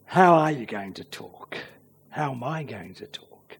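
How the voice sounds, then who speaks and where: A man preaching an earnest sermon, swinging between emphatic declarations and hushed, almost whispered lines. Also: mid-range voice, expressive, unhurried, creaky, husky.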